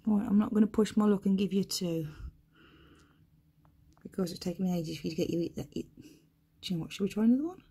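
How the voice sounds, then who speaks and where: A woman vlogging at home as she tends her pets, coaxing and cooing at them, often in a hushed near-whisper, caught on a camera mic held by a helper. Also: medium pitch, quick pace, long pauses, slightly rough. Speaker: pet keeper vlogger. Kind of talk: casual narration to camera.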